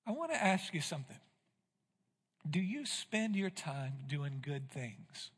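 Male pastor, high-pitched, preaching with dramatic volume swings, long church reverb. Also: sing-song, unhurried, husky. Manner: dramatic, swings from loud to hushed. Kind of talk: sermon. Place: church sanctuary.

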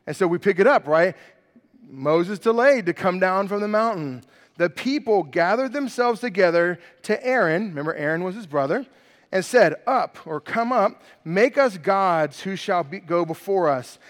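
Animated high-voiced preacher in a reverberant hall. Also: male voice, moderate pace. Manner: animated, quizzing the congregation. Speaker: pastor. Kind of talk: sermon.

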